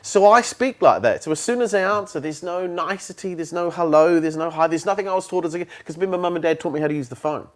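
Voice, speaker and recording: A man's voice: fairly high pitch, quick pace, hardly any pauses. A man, a sales trainer talking bluntly in an interview and acting out phone calls. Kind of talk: conversational interview.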